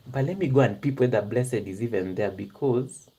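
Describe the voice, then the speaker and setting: A YouTuber chatting casually to a live-stream chat in a hushed half-whisper, giggling often and addressing viewers by name. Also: medium pitch, slightly rough. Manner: talks straight to viewers in the chat.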